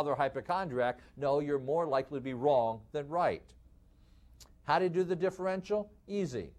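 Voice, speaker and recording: Lively Midwestern man lecturing. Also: on the high side. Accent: Midwestern American. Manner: lively, rhetorical questions, addresses audience as folks. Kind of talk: recorded lecture to medical students.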